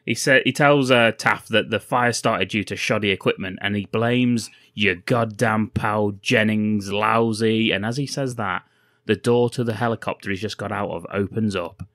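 A man's voice: fairly low pitch, normal speed, a bit bright, dry recording, studio quality. A man co-hosting a podcast, recapping a film plot in wry, sweary casual chat. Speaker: podcast co-host.

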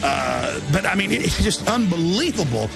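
Over music, a radio talk show host unleashes a fiery political rant, mocking his opponents and breaking into impressions. The man's voice sits high and sing-song, with vocal fry, at a normal speed.

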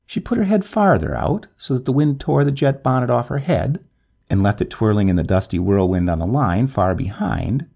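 Gravelly, expressive male storyteller. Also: fairly low pitch. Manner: expressive, swooping delivery. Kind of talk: dramatic storybook narration.

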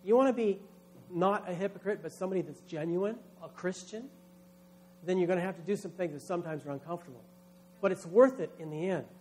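A man's voice: high voice, fast, a little mellow, slight background noise. A man, a pastor, preaching a sermon with emphatic delivery, acting out quoted voices.

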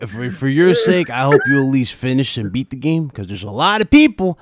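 A man's voice: medium pitch, sing-song, a little fast, dry recording, clean studio sound. A man hosting a casual gaming podcast, brash and profane, laughing often. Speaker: gaming channel host.

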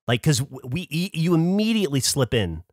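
With a voice on the high side and a fairly quick pace, this man co-hosts a podcast in a studio-quality, echo-free recording. He tells stories casually and vividly, imitating the voices of people he quotes.

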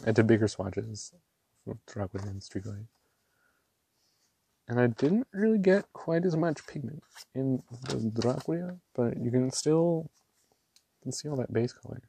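A man gushing over ink swatches in a casual vlog, excitable and quick to laugh. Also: medium pitch, gravelly, slight background noise. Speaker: ink reviewer. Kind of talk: casual show-and-tell vlog. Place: small home room.

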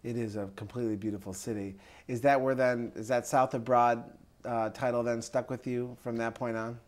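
A man's voice: medium pitch, flat delivery, normal speed. A man interviewing an author, asking polite, admiring questions.

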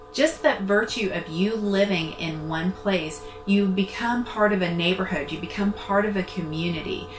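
A middle-aged woman vlogging casually about her life on the road, telling a personal story with candid, animated reactions. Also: mid-range voice, echoey room. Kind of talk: casual personal vlog talk.

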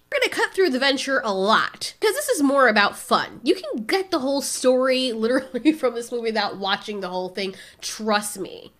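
A woman's voice: fairly high pitch, fairly bright tone. Sarcastic woman recapping a movie. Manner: sarcastic, nitpicking. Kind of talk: casual movie recap commentary.

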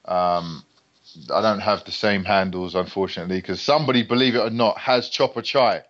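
A man's voice: lowish voice, fairly quick, fairly bright tone. A young British man, a fighter guest on a casual podcast, who tells stories and acts out quoted lines. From Britain. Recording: dull lo-fi sound.

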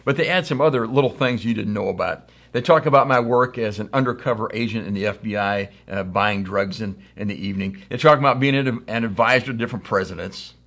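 A man's voice: on the low side, fast, few pauses, fairly bright tone. A middle-aged man from the United States preaching a conversational sermon, telling stories and acting out quotes. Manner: conversational storytelling with acted quotes. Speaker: pastor.

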